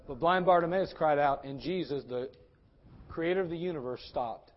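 A man preaching a sermon at a church service, animated and acting out the voices of people in his stories. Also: fairly high pitch, moderate pace, lo-fi sound. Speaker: pastor.

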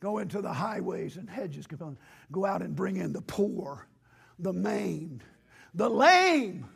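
A male pastor preaching a sermon in a church with impassioned, rising delivery, hoarse from losing his voice. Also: sits high, big pitch swings, takes it slowly.

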